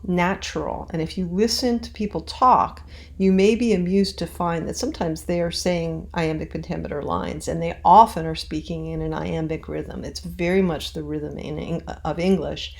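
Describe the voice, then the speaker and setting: Low gravelly woman teaching. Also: normal speed. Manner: relaxed, chatty, with frequent restarts and rhythmic demonstration. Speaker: acting teacher. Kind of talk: informal recorded lesson to students.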